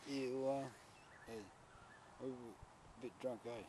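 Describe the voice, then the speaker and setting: A man's voice: mid-range voice, flat delivery, takes it slowly, warm tone. A drunk man rambling and slurring in a repetitive, mumbling way during a street chat. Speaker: drunk passer-by. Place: outdoors by a road, rural. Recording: noisy outdoor camera audio.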